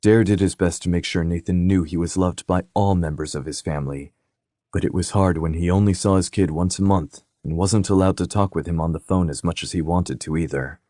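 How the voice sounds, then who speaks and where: A man narrating a romantic suspense audiobook in a steady, even reading. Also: low-pitched, brisk, dry recording, studio quality. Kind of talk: scripted narration.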